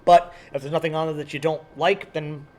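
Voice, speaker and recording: A man on a casual podcast, promoting sales and programs in a relaxed, teasing way. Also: a little high, a little fast. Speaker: podcast co-host at an airsoft field.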